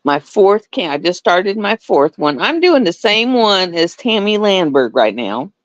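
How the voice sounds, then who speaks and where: A middle-aged woman chatting casually to viewers, animated and laughing often. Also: mid-range voice, unhurried, no echo, highs cut off. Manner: animated storytelling, laughs often, swings between voices. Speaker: live stream host.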